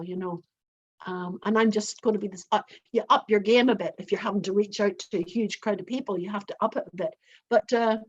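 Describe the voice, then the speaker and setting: A woman's voice: medium pitch, a little mellow, lo-fi sound. An older woman from Northern Ireland with a Northern Irish accent, talking forthrightly as a storyteller being interviewed. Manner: emphatic, forthright. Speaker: storyteller guest. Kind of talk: conversational interview.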